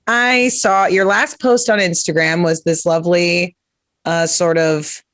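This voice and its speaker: A comedian host chatting loosely and jokily, stumbling through fillers and restarts. The voice sits at a middling pitch. It is recorded close and dry, with no room sound. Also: steady tone, unhurried, a bit bright, no room sound. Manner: rambling, jokey, many fillers and restarts. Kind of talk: casual live-stream interview chat.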